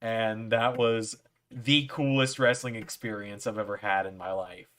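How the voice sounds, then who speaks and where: A man's voice: on the low side, fairly even intonation, a little slow, fairly bright tone. A man hosting a livestream, telling a long story to his chat in a casual way, with frequent fillers and "I'm like" asides. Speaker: livestream host.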